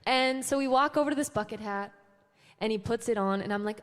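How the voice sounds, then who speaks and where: A woman's voice: a little high, a little fast, clear, resonant tone, in a large hall. A young woman singer-songwriter chatting casually between songs at a live show, laughing often and saying "um" and "like" a lot. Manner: casual, self-deprecating, laughs often, many "um" and "like". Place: church hall with a live audience.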